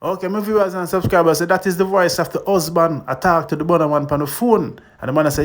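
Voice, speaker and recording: A man's voice: on the high side, fast. A man with a Jamaican accent hosting a reaction vlog, chatting in patois and laughing often. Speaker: host.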